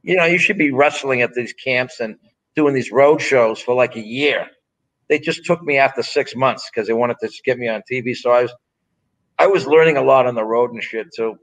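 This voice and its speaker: A former strongman and pro wrestler in his 60s, the male guest rambles through his stories bluntly and with plenty of profanity. His mid-range voice moves at normal speed with a fairly bright tone, though the recording quality is low. The setting is a casual storytelling interview.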